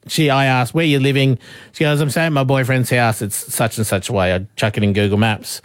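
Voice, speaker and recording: Animated man telling a story. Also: medium pitch, fairly quick, clean tone, no echo, clean studio sound. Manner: animated, laughs often, acts out quotes. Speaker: radio host. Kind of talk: casual storytelling chat.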